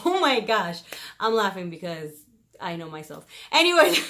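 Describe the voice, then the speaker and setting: A woman giving marriage advice in a casual vlog, talking loudly and passionately and laughing often. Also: medium pitch, big pitch swings, normal speed.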